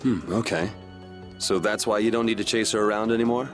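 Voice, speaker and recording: Guy voicing a chill teasing young swordsman, kinda low voice, game music behind. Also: brisk, lightly acted. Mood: wry. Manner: relaxed, wry. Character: laid-back young male swordsman, wry and teasing. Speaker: game character.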